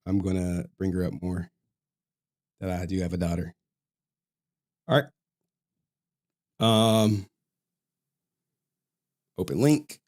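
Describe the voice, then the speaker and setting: A male streamer in a casual, profane rant to his viewers, slangy and often laughing. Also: lowish voice.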